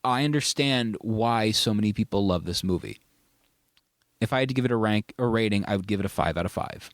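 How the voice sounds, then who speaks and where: A man's voice: fairly low pitch, fairly quick, dry recording. A man hosting a casual podcast, reviewing a film with enthusiastic, rambling, joking talk. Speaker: podcast host. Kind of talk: casual movie review chat.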